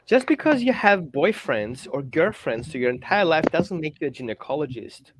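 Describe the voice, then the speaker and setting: A man, a dog trainer, in casual chat, animated and acting out other people in exaggerated voices. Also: on the high side, moderate pace, few pauses, background noise.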